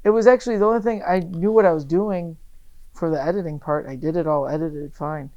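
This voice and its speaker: A young adult male comedian chatting casually on a podcast, dry and deadpan with sarcastic asides. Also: a little high, a little fast, muffled recording.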